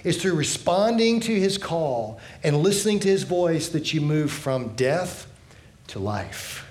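A man preaching a sermon with earnest delivery, often dropping low and soft at the ends of phrases. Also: lively intonation, measured pace, echoey room. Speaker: pastor.

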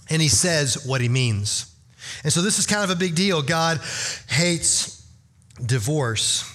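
Middle-aged male pastor, conversational sermon delivery, bright tone. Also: fairly high pitch. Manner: conversational storytelling, animated and emphatic.

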